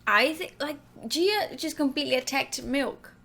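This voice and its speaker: A woman co-hosting a casual chat, giving blunt, sassy opinions with a gravelly edge to her voice. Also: high voice, animated, normal speed, sharp tone. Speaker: co-host.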